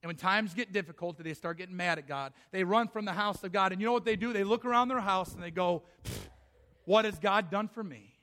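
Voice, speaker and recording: A middle-aged pastor delivers an impassioned sermon in a high, bright voice. He often acts out the voices of the people in his story, shifting between them and his own preaching. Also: fast talker, few pauses.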